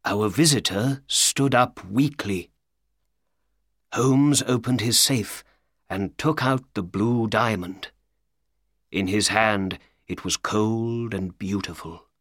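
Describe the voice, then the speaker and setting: A man narrating a graded-reader story in a slow, clear, expressive way. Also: lowish voice, dry recording, studio quality. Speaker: audiobook narrator.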